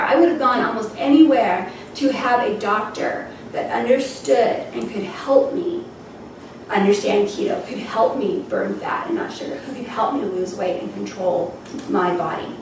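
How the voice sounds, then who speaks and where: At a health event, a woman gives an emotional personal testimony, laughing through tears as she speaks. Her voice is on the high side at a normal pace, recorded from a distance in an echoey event hall with noise.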